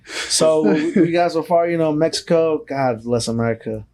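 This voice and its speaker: A man's voice: on the high side, moderate pace, darkish tone. A young man co-hosting a podcast in laid-back casual chat, joking and swearing freely. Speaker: podcast co-host.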